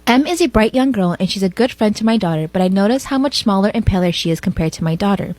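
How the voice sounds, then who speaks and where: A woman's voice: mid-range voice, expressive, quick pace, a little mellow, dry recording. A woman reading online posts aloud in a casual way, tossing in sarcastic asides.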